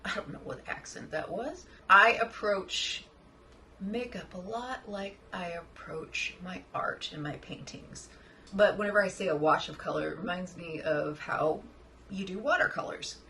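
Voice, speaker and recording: A woman chatting excitedly through a makeup tutorial, often dropping to a soft murmur as she works. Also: fairly low pitch, a little slow, a little hiss or hum, low-quality recording. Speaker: makeup vlogger. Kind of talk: casual makeup tutorial chat.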